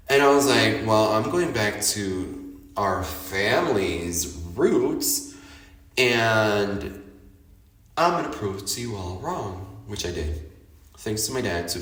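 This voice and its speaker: Male podcast host, lowish voice, frank and laughing, roomy off-mic sound. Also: fairly bright tone, distant mic. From Chicago. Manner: chatty, candid, laughs often, swears. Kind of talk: casual personal monologue.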